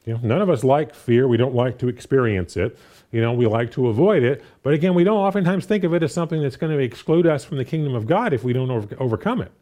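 A man preaching a sermon, talking through a scripture passage with lots of fillers and restarts. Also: mid-range voice. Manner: animated, many fillers and restarts. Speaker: pastor.

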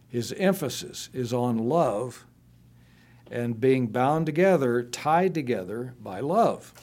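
Slow, deliberate male preacher. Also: a little mellow. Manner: slows and rises in pitch to stress scripture he reads aloud. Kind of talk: sermon.

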